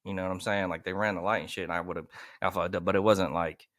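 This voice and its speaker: A man's voice: sits low, steady tone, quick pace, a bit bright, no echo, studio quality. A man hosting a podcast, rambling and swearing in crude casual chat. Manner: profane, rambling, laughs a lot. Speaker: podcast host.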